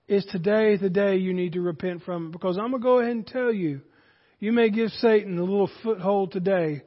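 A man's voice: sits high, fairly quick. A man preaching a sermon as pastor, earnest and speaking straight to his congregation. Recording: dull recording with long hall reverb.

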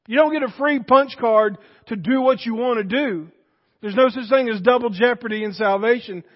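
A male pastor giving an impassioned sermon in a church, swinging between shouted exhortation and hushed intensity, in a dull recording with long reverb. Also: very high voice, normal speed. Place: church sanctuary.

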